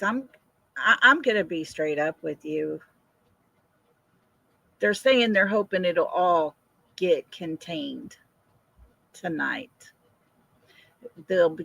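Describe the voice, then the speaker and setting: A woman's voice: lowish voice, vocal fry, a bit bright, dry recording. An older woman hosting a casual livestream, chatting, answering viewer comments and laughing often. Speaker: livestream host.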